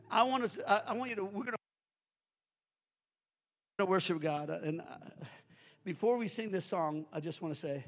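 A pastor delivering a sermon and leading the congregation line by line in a prayer, moving between loud exhortation and quiet pleading. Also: male voice, high-pitched, animated, normal speed, pauses often, in a large hall, soft background music. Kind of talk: sermon with altar-call prayer.

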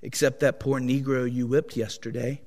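A preacher putting on a weeping young mistress who pleads gently and tearfully. He lifts his voice higher for her, and it carries into a large hall with a long echo. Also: little pitch movement, moderate pace, lightly acted. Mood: pleading.

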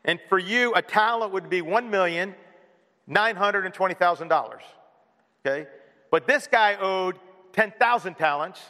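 A man's voice: high-pitched, moderate pace, sharp tone. A man preaching a sermon as pastor, earnest, with many rhetorical questions. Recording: long hall reverb.

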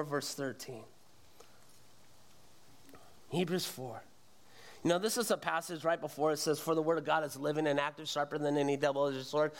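A pastor preaches in an earnest, searching way and keeps asking the congregation to fill in words. His voice sits high for a man. He circles back and repeats phrases as he builds his point. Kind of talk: sermon.

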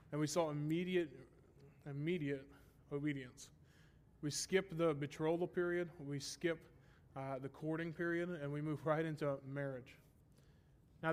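Man teaching scripture, fairly high voice. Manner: explanatory, asks rhetorical "right?" often; stresses repeated phrases for emphasis. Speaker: Bible teacher. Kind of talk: teaching sermon.

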